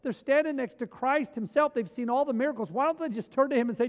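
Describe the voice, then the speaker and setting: A man's voice: very high-pitched, quick pace, few pauses. Emphatic preacher man in a reverberant hall. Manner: emphatic, swings between loud excitement and hushed intensity. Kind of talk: sermon.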